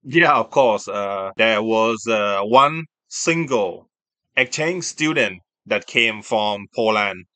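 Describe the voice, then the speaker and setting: A man's voice: lowish voice, lively intonation, slow, sharp tone, dry recording. A man in his thirties from Thailand with a Thai accent, chatting casually and hesitantly, searching for words between fillers. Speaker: video creator. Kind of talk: casual chat with a voice assistant.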